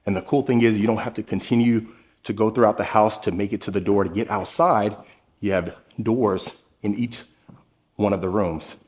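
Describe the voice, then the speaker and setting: A man's voice: on the low side, steady tone, normal speed, darkish tone. A man hosting a walking home tour vlog, speaking to viewers with upbeat enthusiasm while filming.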